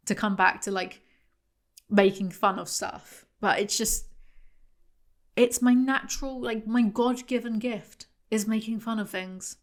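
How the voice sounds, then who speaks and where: A woman's voice: a little high, fairly bright tone. Sarcastic young woman rambling. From southwest England. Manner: sarcastic, rambling, swears freely. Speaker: YouTuber. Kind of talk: comedic commentary vlog.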